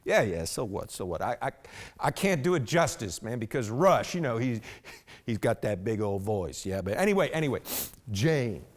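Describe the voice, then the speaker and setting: In a theatrical monologue, a man with a medium-pitched voice speaks at normal speed and with great animation. Performing a one-man stage piece, he plays a rambling blue-collar husband addressing a police officer, saying "man" constantly and restarting his sentences.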